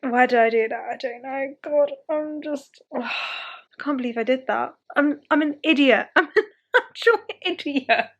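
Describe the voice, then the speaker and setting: A woman's voice: high voice, steady tone, moderate pace, highs cut off. A young adult woman, chatting casually in a vlog, rambling and poking fun at herself. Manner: self-deprecating, rambling, thinks aloud. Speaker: book vlogger.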